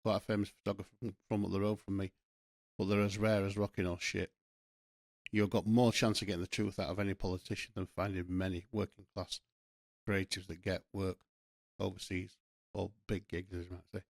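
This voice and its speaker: A man's voice: low voice, flat delivery, fairly quick, gravelly, dry recording, studio quality. A middle-aged man with a Yorkshire accent, hosting a solo podcast with a blunt, sweary, passionate rant. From Yorkshire, England. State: sweating, hot. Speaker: podcast host.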